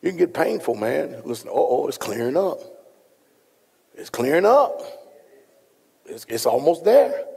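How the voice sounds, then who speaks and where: Male pastor, slightly high, husky voice, joking with a large congregation, long hall reverb. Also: sing-song, measured pace, long pauses, dark tone. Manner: folksy, joking, talks straight to the room. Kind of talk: sermon with casual asides to congregation. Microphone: stage microphone being adjusted.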